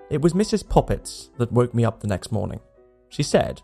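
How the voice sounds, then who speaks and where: A man narrating a bedtime story in a deeply gravelly voice that rises and falls with plenty of life. His delivery is calm and expressive, with faint music playing underneath. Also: brisk. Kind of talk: audiobook narration.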